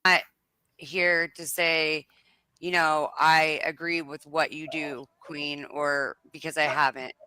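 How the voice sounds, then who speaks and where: A guest speaking hesitantly on a live stream, pausing with fillers. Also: mid-range voice, flat delivery, sharp tone, slight background noise. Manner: hesitant, halting. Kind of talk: casual talk on a live stream.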